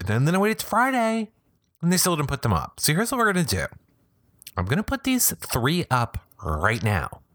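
Lively low-voiced woman hosting a chatty podcast. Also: normal speed, no room sound, clean studio sound. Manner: chatty, joking asides, self-interrupting. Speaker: podcast host. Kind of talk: casual podcast chat, reading blogs aloud.

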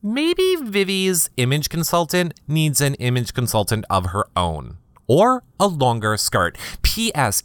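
A man hosting a comedy podcast, reading gossip blogs aloud in a campy, sarcastic way with quick asides to listeners. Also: huge pitch swings, a bit bright, clear, resonant tone, no room sound, studio quality. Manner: campy, sarcastic, swoops into high mock voices.

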